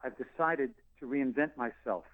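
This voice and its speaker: A singer-songwriter in his sixties from New York, telling animated stories and acting out dialogue as an interview guest. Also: medium pitch, moderate pace. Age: 60s. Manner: animated storyteller who acts out dialogue and laughs. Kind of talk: phone interview. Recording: tinny phone line.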